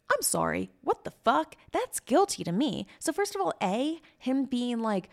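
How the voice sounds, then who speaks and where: A woman's voice: sits high, very animated, unhurried, vocal fry, few pauses. A woman hosting a podcast in casual, indignant and sarcastic commentary, swearing freely. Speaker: podcast host.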